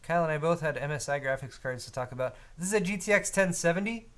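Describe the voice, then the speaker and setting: Male co-host, slightly raised pitch, casual live-stream banter answering viewer questions. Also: fast talker. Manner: relaxed, reads viewer donations aloud; frequent fillers and restarts, conversational. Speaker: co-host of a hardware show.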